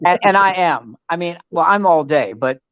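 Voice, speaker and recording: Older male comic, 70s, lively raconteur, muffled dry video-call sound. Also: on the high side, moderate pace, clean tone, dry recording. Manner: animated storyteller acting out family dialogue. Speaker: veteran comedian and host. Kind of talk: casual storytelling chat.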